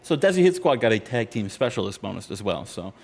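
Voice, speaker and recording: Excitable man in casual gaming chat. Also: fairly low pitch, quick pace, vocal fry, slight background noise. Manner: excitable, laughs often, trails off mid-sentence. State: out of breath. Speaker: co-host of a wrestling sim series.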